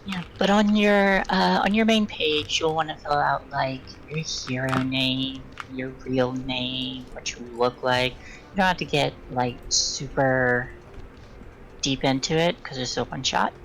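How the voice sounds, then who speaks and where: Woman gm with a really deep voice, talks slow, keyboard clacks behind. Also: steady tone, fairly bright tone, slight background noise, low-quality recording. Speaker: game master. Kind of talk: explaining game setup.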